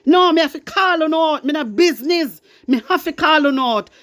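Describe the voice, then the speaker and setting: High-voiced Jamaican woman ranting. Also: fairly bright tone. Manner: indignant, passionate, fast patois rant. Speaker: vlogger. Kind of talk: ranting commentary vlog.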